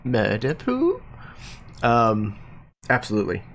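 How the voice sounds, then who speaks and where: A man's voice: medium pitch, huge pitch swings, slow pace, gravelly, a bit bright, slight background noise. Chill guy gm intro-ing his players, jokey, mid voice. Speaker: game master and host. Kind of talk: casual stream intro.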